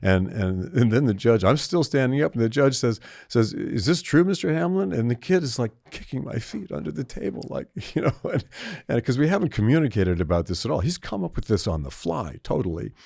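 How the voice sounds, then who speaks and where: A man's voice: medium pitch, expressive, brisk, creaky, darkish tone, no room sound, studio quality. An older man in his seventies, a podcast co-host telling a long story in casual chat, rambling with restarts and acting out the voices he quotes.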